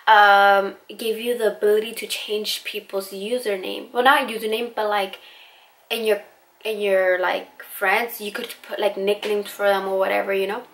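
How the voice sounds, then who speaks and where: A young woman tells a story in an easy, rambling vlog style. She talks bluntly, swears freely and fills her sentences with "like" and "you know." Her pitch sits in the middle range for a woman. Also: flat delivery, normal speed, a bit bright. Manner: chatty, blunt, lots of fillers and swearing. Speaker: vlogger. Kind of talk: casual storytime.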